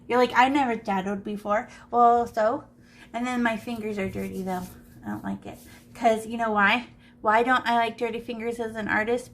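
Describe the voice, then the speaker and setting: A woman's voice: medium pitch, a bit bright, slight background noise. A woman art teacher demonstrating shading, chatting playfully and thinking aloud as she draws. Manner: chatty, playful, talks to herself while drawing. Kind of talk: live drawing lesson demonstration. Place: classroom.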